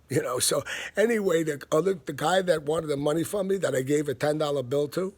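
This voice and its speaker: A man's voice: on the high side, normal speed. A man, telling a story in a blunt, profane, casual rant. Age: 50s. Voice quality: gravelly, husky. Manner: profane, blunt, laughs between lines.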